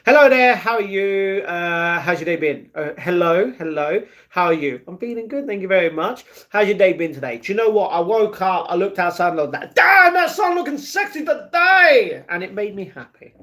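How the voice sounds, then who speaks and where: A man's voice: high voice, lively intonation, brisk, hardly any pauses. A young British man chatting casually on a live stream, answering viewers by name and laughing often. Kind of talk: casual live-stream chat, reading chat messages.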